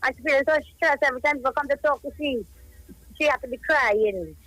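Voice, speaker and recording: A Trinidadian woman in her thirties speaks down a phone line on a live radio show. Her voice sits fairly high and sounds dry and close. She talks in long, grief-laden, rambling runs. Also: brisk, fairly bright tone, dry recording. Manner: grieving, rambling, emotional storytelling. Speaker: caller, cousin of a child who died. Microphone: telephone.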